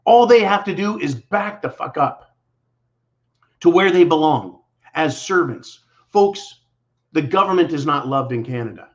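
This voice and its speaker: A man hosting a political commentary show, talking in a blunt, combative, sarcastic way. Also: on the high side. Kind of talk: angry monologue to viewers. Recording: dull lo-fi audio.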